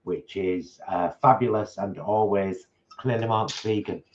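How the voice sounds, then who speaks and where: A man's voice: on the low side, steady tone, a little slow, darkish tone. Guy nattering away on a home livestream, muffled lo-fi sound. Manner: chatty, rambling storyteller. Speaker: live stream co-host. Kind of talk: casual live stream chat. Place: home, at a table.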